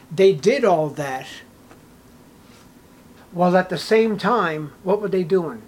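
High-voiced, emphatic male preacher. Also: poor audio. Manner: emphatic, swings from hushed to raised. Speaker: pastor. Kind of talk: sermon.

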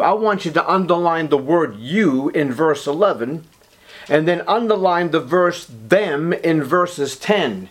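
A man's voice: on the high side, animated, a little slow. A man preaching a Bible sermon, emphatic and dramatic, sometimes dropping to a whisper. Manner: emphatic, drops to a whisper for quoted lines.

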